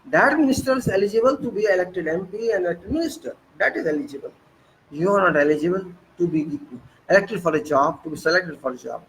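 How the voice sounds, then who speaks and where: A man with an Indian English accent speaks in a fairly high voice, delivering an impassioned monologue full of indignant rhetorical questions and sarcastic jabs. A faint hiss of noise sits under the recording. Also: fairly bright tone, rough recording. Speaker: political commentator.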